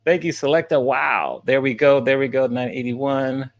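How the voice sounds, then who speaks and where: An excited man hosts a live stream at a middle pitch. He laughs a lot between thank-yous and sounds overwhelmed with joy. He talks casually and warmly with his chat. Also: normal speed, muffled recording. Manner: excited, laughing often, thanking viewers by name. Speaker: streamer and college teacher.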